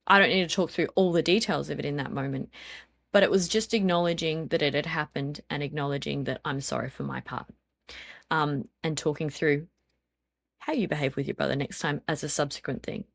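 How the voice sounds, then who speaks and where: A woman's voice: low voice, fairly quick, gravelly, no echo, studio quality. A woman in her thirties, a guest on a parenting podcast, talking earnestly through personal stories with frequent ums and likes. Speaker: interview guest, parenting speaker. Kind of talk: reflective podcast conversation.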